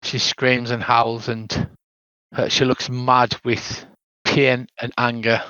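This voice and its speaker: An older British man running a tabletop game as game master, narrating scenes with dramatic pauses. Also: medium pitch, flat delivery, bright, forceful tone, no room sound, lo-fi sound.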